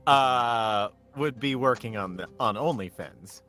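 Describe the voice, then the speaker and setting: A man's voice: medium pitch, slow, bright, forceful tone. A man joking casually about his tabletop character. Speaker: tabletop game player.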